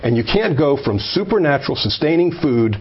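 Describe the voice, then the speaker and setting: A man giving an informal faith testimony, earnest and emphatic, stumbling over repeated words as he builds to animated peaks. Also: fairly high pitch, brisk, lo-fi sound, slight background noise. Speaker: speaker sharing a personal faith story.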